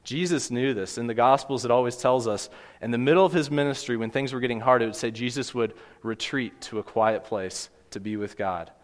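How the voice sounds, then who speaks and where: A man's voice: mid-range voice, brisk, long reverb tail. A man preaching a sermon in an earnest, conversational way, often restarting his sentences. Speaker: pastor.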